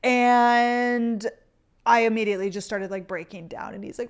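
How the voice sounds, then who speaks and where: A woman in her twenties hosting a casual solo podcast, talking fast and loose with lots of "like" and the odd swear word. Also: medium pitch. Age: 20s. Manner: chatty, fillers of "like", casual swearing. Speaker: podcast host.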